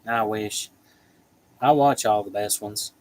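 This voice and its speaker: A man's voice: fairly low pitch, slow pace, darkish tone, low-quality recording. A man hosting a casual livestream, reading viewer comments aloud in a chatty, joking way. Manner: chatty, joking, laughs often. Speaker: livestream host.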